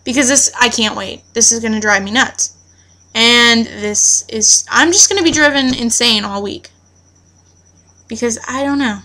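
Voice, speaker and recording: A young woman recapping a wrestling show in a chatty, excitable vlog rant. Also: fairly high pitch, unhurried. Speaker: wrestling fan vlogger. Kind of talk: casual ranting recap.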